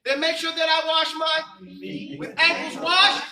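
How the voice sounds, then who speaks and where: A man's voice: extremely high pitch, flat delivery, unhurried, gravelly, reverberant, far from the mic, a crowd in the background, poor audio. Emphatic man teaching a class. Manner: quizzing students, emphatic and repetitive. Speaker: religious teacher. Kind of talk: classroom lesson with call and response.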